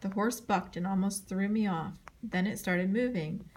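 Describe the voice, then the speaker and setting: A female audiobook reader narrates a chapter book from a script at a moderate pace. She gives the dialogue lively character voices and jumps high whenever someone shouts.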